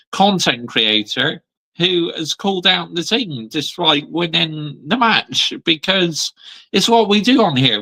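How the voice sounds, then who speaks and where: Brief: male vlogger, bright gravelly voice, slow and lively, blunt emphatic rant. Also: fairly high pitch, poor audio. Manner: blunt, emphatic, repeats "yeah?" and "mate". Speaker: football channel host. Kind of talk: ranting fan vlog.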